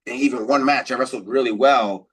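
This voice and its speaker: A man's voice: mid-range voice, fairly quick, fairly bright tone, breathy edge, recorded from a distance. A man hosting a podcast, giving rambling, motivational sports commentary with lots of repetition and fillers. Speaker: podcast host.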